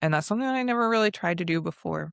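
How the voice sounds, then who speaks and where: A woman's voice: lowish voice, expressive, rapid-fire, vocal fry, clear, resonant tone, no room sound, studio quality. A young woman co-hosting a podcast who talks in a direct, reflective way and laughs easily. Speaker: podcast co-host. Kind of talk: casual podcast chat.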